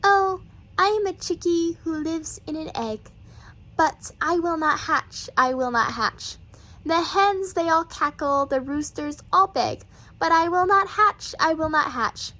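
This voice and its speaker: A woman's voice: extremely high pitch, a little slow, sharp tone, pitched above the performer's own voice, heavily acted, rough recording. A woman voicing a small, stubborn baby chick inside its egg, reading a children's poem with a sing-song, defiant refrain.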